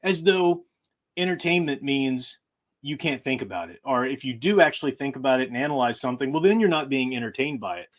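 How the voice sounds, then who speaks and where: A man's voice: medium pitch, lively intonation, fairly quick. A man, a university professor hosting his own channel, talking in a casual livestream chat, emphatic and often laughing at his own remarks.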